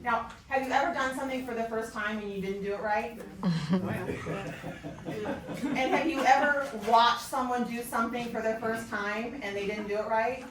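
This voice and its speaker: A woman's voice: a little high, normal speed, crowd noise. A woman giving a motivational keynote talk to a live audience, telling stories animatedly and acting out other people's lines. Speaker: keynote speaker. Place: large conference room. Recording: echoey hall, speaker far from the mic, background noise.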